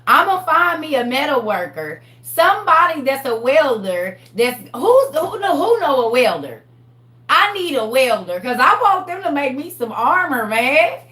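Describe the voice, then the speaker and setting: Woman, casual livestream host, lively, laughing often, echoey room. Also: sits high, measured pace. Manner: animated, laughing, talks straight to her viewers. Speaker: host of a live online class. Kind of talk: casual livestream teaching chat.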